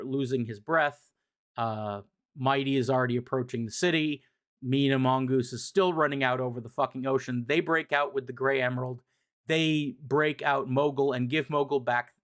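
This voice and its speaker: This streamer rattles through comic storylines in a loose live-stream recap, getting louder and more worked up at the big moments. They swear a lot and often stumble, then restart a word. The pitch sits in the middle of the range. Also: normal speed. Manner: profane, excitable, paraphrases characters' lines; repeats and corrects words mid-sentence.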